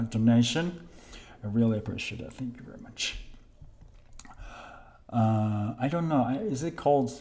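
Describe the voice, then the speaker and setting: A man talks slowly and unhurriedly on a live stream. His voice is dark and mellow, of middle pitch. He reads viewer comments politely, stumbling over names and restarting his sentences. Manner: hesitant, halting, many restarts while reading names; polite, thanks viewers often. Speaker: kendo instructor hosting a live stream.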